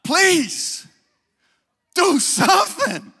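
A man's voice: very high voice, very animated, very slow, pushed and bright, long reverb tail, pitched above the performer's own voice, exaggerated voice. A pastor voicing an impatient, doting mother who urges her grown son to act. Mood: pleading. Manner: pleading, pushy, exclaiming.

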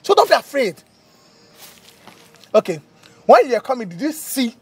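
A Nigerian man in a comedy skit, boasting loudly that he controls spirits, laughing often and breaking into panic. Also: very high voice, very animated, moderate pace, slightly rough. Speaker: comedian playing a boastful native doctor. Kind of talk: skit comedy, pidgin-tinged. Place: outdoors in bush.

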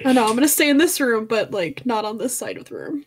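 A woman player in a tabletop game, giggly and animated. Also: fairly high pitch, fast talker, crowd noise. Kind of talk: casual tabletop play.

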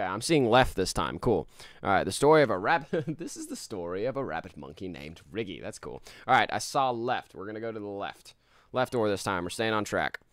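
A chatty male streamer playing a game live, laughing often and reading out chat messages. His voice bounces around lively in pitch, and the sound is dry and close. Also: no echo. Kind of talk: casual live-stream chat while gaming.

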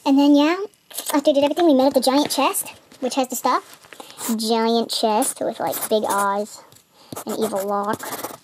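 A woman's voice: a little high, steady tone, normal speed, long pauses, darkish tone, slight background noise. A teenage girl casually retelling an online game session while drawing, rambling with many fillers and restarts. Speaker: video maker retelling a game.

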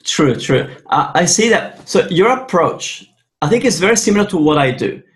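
A man's voice: on the high side, sing-song, moderate pace. A man from Italy with an Italian accent, hosting an interview in English, talking hesitantly and restarting his sentences. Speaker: host. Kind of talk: casual interview.

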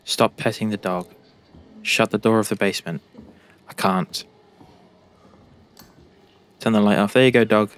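A young British man with a lowish voice gives jokey commentary on a game, speaking to its characters as he plays for YouTube. His intonation stays fairly even, his delivery is unhurried, and he pauses often.

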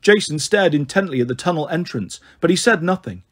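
A man reading a novel aloud in a steady storytelling voice, giving the characters their own voices. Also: a little high, a little fast. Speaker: audiobook reader.

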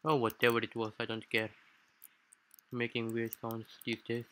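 A man's voice: mid-range voice, monotone, normal speed, bright, forceful tone, smooth, rough recording. A man with a non-native English accent gives a let's-play commentary on a game, explaining things in formal, slightly stilted phrasing. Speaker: gaming YouTuber. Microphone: low-quality home mic.

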